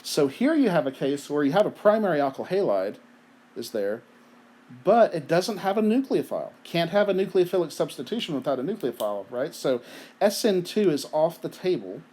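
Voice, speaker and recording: A fairly high-voiced man lecturing on chemistry in a chatty, conversational tone. He keeps asking rhetorical questions and checking in with "right?", and he has the hiccups. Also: sing-song, brisk, warm tone. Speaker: chemistry teacher. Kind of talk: recorded lecture.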